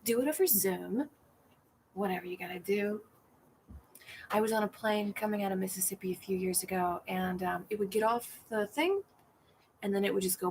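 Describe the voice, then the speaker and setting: A woman's voice: mid-range voice, normal speed, slight background noise. A middle-aged woman chatting casually and rambling, reading viewer comments aloud and acting out the people in her stories. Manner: rambling, self-deprecating, acts out quoted people. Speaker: comedian hosting a livestream.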